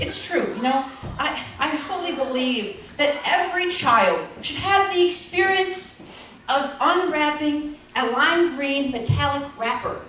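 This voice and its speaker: A young woman performs stand-up in a school auditorium to a laughing audience, rambling through her jokes with many fillers and self-deprecating asides. Her voice sits high with a sharp tone, and the recording picks her up from far off in an echoey hall with slight background noise.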